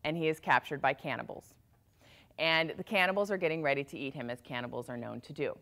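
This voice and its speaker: A woman telling a motivational story in an animated way, shifting her pace and volume for effect. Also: sits low, quick pace, gravelly.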